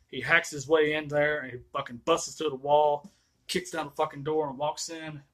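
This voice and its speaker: Profane, excitable man ranting about a movie. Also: fairly high pitch, normal speed. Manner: profane, excitable retelling of scenes. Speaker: movie reviewer. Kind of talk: casual movie review rant.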